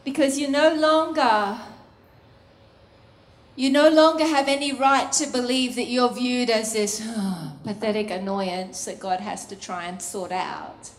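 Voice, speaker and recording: A woman preaching a sermon, expressive, with bursts of laughter and sung phrases. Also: fairly high pitch, measured pace, roomy sound.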